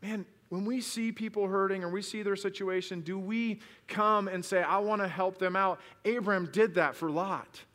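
Earnest preacher man, slightly high voice. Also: steady tone, normal speed, hardly any pauses, fairly bright tone, long reverb tail. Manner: storytelling with rhetorical questions; earnest, builds to emphatic peaks. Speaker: pastor. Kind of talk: sermon. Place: church service.

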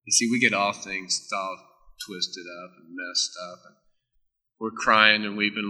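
Bright, emphatic preacher in a reverberant hall. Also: male voice, fairly low pitch, fairly even intonation, measured pace. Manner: emphatic, with sudden drops into soft, intimate asides. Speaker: pastor. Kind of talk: sermon.

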